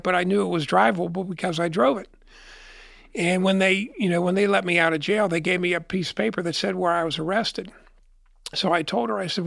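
A man's voice: high voice, creaky, fairly bright tone, dry recording, clean studio sound. A middle-aged man telling a long story in a rambling way, repeating and restarting his words as an interview guest.

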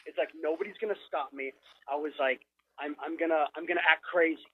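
A man's voice: on the high side, fast talker, narrow, tinny audio. A man from Minnesota, a guest filmmaker in a casual podcast chat, telling a story with lots of "like" fillers.

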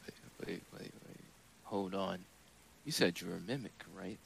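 A bewildered adventurer, played by a man with a low, gravelly voice. He presses with one question after another. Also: moderate pace, slight background noise, low-quality recording. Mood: puzzled. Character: adventurer puzzled by a talking creature.

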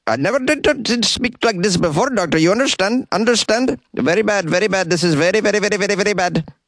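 A man's voice: fast talker, fairly bright tone, dry recording. A man putting on the voice of a panicked patient with a made-up foreign accent begging his doctor for help. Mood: alarmed. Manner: pleading, repetitive, high-pitched.

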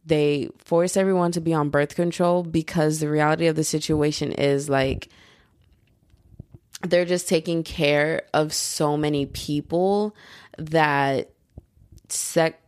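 A young woman from the United States rambles through a casual podcast monologue, dropping slang and filler "like" everywhere. Her voice sits low with a gravelly fry. The sound is dry and close. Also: steady tone, unhurried, darkish tone, no echo. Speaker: podcast host.

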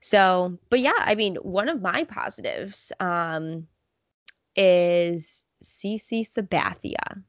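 A woman with a fairly low voice, chatting casually as a sports podcast co-host. She sounds earnest and upbeat, recorded close and dry. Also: slow pace, dry recording.

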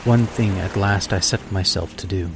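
A man voicing a weary, sleepless, despairing man in a storybook reading, speaking slowly and broodingly. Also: deep voice, creaky, noisy background. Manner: slow, weary, brooding speech.

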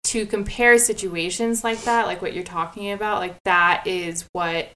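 Female podcast co-host, bright voice, thoughtful and casual, filler-heavy speech. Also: medium pitch, fairly even intonation, moderate pace, rough recording. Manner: reflective, heavy use of "like". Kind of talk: casual chat.

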